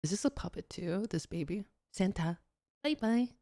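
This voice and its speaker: A woman's voice: medium pitch, animated, moderate pace, warm tone, dry recording, studio quality. A woman streamer giving casual watchalong commentary, giggling often and rambling with fillers and restarts. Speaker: VTuber streamer.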